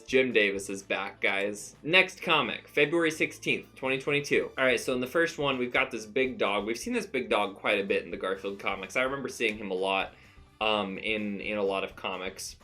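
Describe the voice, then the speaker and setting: A man's voice: on the low side, pushed and bright. A young man hosting a comic recap at home, talking with mock-serious irony and laughing at his own jokes. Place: home room.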